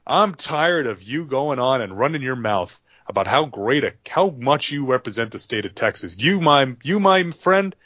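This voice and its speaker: A man's voice: medium pitch, expressive, moderate pace, hardly any pauses, a bit bright, dry recording, highs cut off. A man voicing a proud, fiery Texan wrestler who hurls folksy trash talk. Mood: fired up. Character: brash proud Texan male wrestler challenger.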